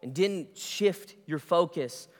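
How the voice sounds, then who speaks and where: Male pastor, bright high voice, chatty sermon delivery, long hall reverb. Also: slow. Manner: conversational, restarts phrases, storytelling asides.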